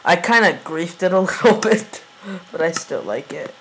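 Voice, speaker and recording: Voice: mid-range voice, expressive, normal speed, a bit bright, slight background noise, low-quality recording. A young gamer giving casual, rambling gameplay commentary, giggling and hesitating often. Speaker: let's play gamer.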